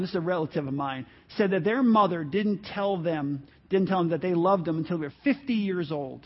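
Earnest male pastor, high voice, conversational sermon, dull lo-fi church recording. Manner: earnest, encouraging, conversational with asides. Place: church sanctuary.

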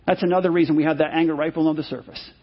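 A man's voice: fairly high pitch, steady tone, racing, husky. A male pastor preaching a sermon, emphatic and repeating his key phrases. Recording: dull lo-fi sermon recording.

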